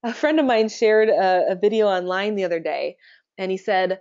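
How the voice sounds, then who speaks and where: A woman presents a webinar in an easy, conversational way, often posing rhetorical questions to her listeners. Her voice sits at an ordinary middle pitch. The recording sounds dull and a little muffled. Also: moderate pace, clear, resonant tone. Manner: asks rhetorical questions, relaxed and chatty.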